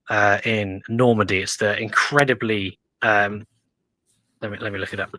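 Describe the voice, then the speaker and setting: Bright-voiced English man explaining history. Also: lowish voice, steady tone, moderate pace, no echo, poor audio. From England. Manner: rambling explainer, lots of ums and restarts. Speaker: podcast guest. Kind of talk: casual history chat.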